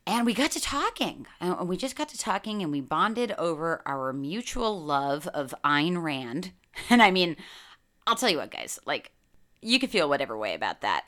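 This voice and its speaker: A woman hosting a podcast, telling a candid personal story in an animated way, swearing freely and laughing as she goes. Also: lowish voice, moderate pace. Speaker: podcast host.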